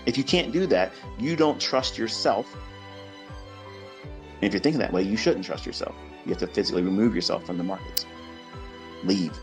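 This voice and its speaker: A man as a trading mentor, lecturing his followers in a live audio room in a blunt, profane way, dropping low and quiet, then rising loud and high. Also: moderate pace, long pauses, faint music behind.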